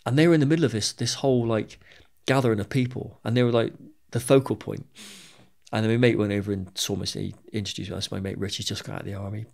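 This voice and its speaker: Middle-aged man, gravelly voice, frank storytelling, swears, stumbles over repeated words. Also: fairly low pitch, steady tone, fast, a little mellow. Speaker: podcast guest. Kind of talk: candid storytelling interview.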